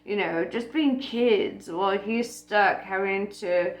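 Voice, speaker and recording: A woman's voice: mid-range voice, takes it slowly. A woman talking casually about spirituality, blunt and profane, laughing often. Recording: echoey room with faint music.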